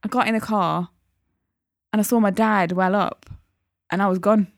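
A woman's voice: mid-range voice, steady tone, moderate pace, no echo. Podcast co-host, woman in her thirties, emotional storyteller, close dry mic. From England. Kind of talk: casual chat.

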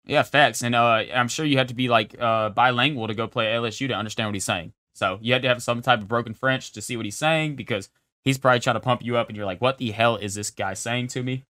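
A young man co-hosting a sports podcast, talking fast and opinionated in a casual chat. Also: medium pitch, bright, forceful tone, no room sound, clean studio sound. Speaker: podcast co-host.

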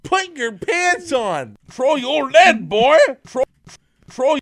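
A man putting on a high, drawn-out yelling voice barking orders. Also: sing-song, no echo, exaggerated voice. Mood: shouting. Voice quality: loud drawn-out shouting.

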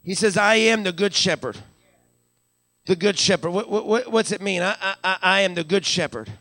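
Pastor guy preaching live in church, high bright voice, stutters words as he builds, dry sound. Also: normal speed, dry recording. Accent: Western Pennsylvania. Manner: repeats words when building up, calls out hallelujah. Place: church sanctuary.

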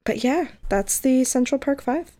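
A woman's voice: high-pitched, lively intonation, unhurried, warm tone. A young woman co-hosting a podcast in casual, chatty talk, often filling her sentences with "like". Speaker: podcast co-host. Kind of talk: casual chat.

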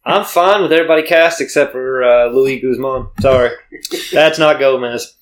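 A man co-hosting a casual podcast, teasing and cracking quick jokes with some swearing. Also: medium pitch. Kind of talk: casual chat.

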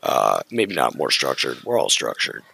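A man's voice: a bass voice, big pitch swings, normal speed, gravelly, sharp tone, breathy edge, rough recording. A man co-hosting a casual Bible study podcast, talking things over and reading scripture aloud with shifting inflection. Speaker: podcast co-host.

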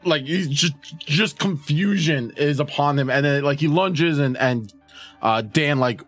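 A man playing a tabletop game, describing his character's actions in an excitable, rambling way. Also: on the high side, unhurried, no room sound, faint music behind. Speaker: player.

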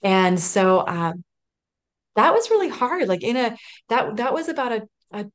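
Earnest woman in her thirties, higher voice. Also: very animated, measured pace. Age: 30s. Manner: earnest, emotional, with restarts and laughter. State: close to tears at moments. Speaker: podcast guest. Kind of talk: personal storytelling in an interview.

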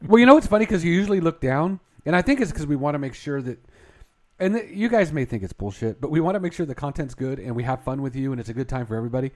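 A man's voice: fairly high pitch, animated, fast talker. A man co-hosting a morning show, chatting in a wry, self-mocking way. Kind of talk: casual radio banter.

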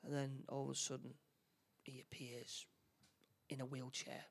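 A man's voice: mid-range voice, monotone, creaky, slightly rough. A man chatting casually as he recaps a film plot, stumbling over restarts and acting out the characters' lines. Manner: halting, many restarts, acts out lines.

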